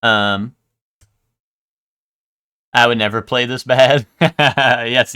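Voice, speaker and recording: A man's voice: medium pitch, fairly even intonation, drawn-out words, sharp tone, clear, resonant tone. A young man chatting casually with his viewers during a live game stream, joking and riffing on chat.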